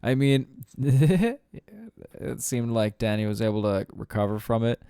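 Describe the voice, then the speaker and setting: Male solo podcaster, loose rambling delivery, smooth mellow tone. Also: medium pitch, unhurried, no echo, studio quality. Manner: rambling, swears casually, frequent fillers. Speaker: podcast host. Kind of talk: casual solo rambling monologue.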